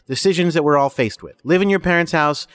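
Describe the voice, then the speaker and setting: A man in improvised comedy chat, talking in a rapid, exasperated, lecturing way. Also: a little high, fairly bright tone, clear, resonant tone.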